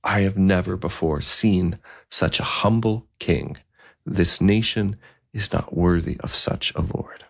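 A man voicing an old, gentle bishop who speaks slowly and gravely. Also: deep voice, full character voice. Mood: sorrowful.

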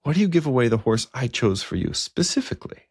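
A man's voice: medium pitch, sing-song, fast talker, darkish tone, breathy edge, no room sound, studio quality, voice pushed up. A man voicing a young, humble king who questions his bishop earnestly. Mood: puzzled.

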